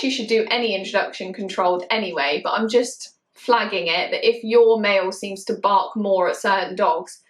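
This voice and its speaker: A woman from the UK who owns dogs, chatting casually to camera, laughing often and slowing down to stress her points. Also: medium pitch, fairly bright tone. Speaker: dog owner vlogger. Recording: echoey room.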